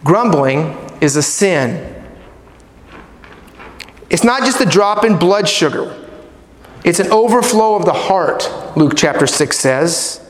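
Pastor, man, middle-aged, high voice, lively sermon delivery, recorded in a reverberant church. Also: takes it slowly, pauses often. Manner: animated, swings from loud emphatic to low soft prayer. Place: church hall. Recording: echoey church hall.

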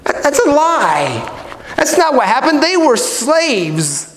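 Pastor, man, middle-aged, high voice, lively sermon delivery, recorded in a reverberant church. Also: slow pace, a little hiss or hum. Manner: animated, swings from loud emphatic to low soft prayer. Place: church hall. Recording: echoey church hall.

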